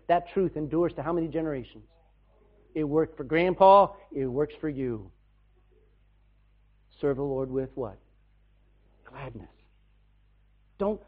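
A man preaching a sermon to his church in a folksy way, swinging between loud bursts and soft asides. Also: fairly high pitch. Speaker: pastor. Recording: tinny, phone-like band.

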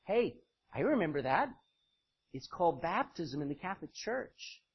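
A man's voice: on the high side, sing-song, moderate pace, husky. A man preaching an interactive sermon to a congregation, emphatic in his points and calling on listeners by name to read verses aloud. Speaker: preacher teaching a Bible study. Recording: dull lo-fi recording.

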